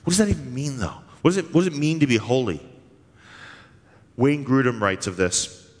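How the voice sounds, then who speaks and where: A man preaching a sermon as pastor, earnest and emphatic, stretching key words slowly. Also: medium pitch. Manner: emphatic, earnest preaching with slow drawn-out stresses. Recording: long hall reverb.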